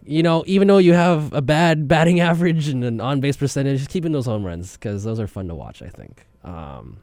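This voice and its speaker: A man's voice: mid-range voice, brisk, dry recording. A man co-hosting a casual sports podcast, chatting about baseball and laughing often. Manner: laughs often, lively banter. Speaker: podcast co-host.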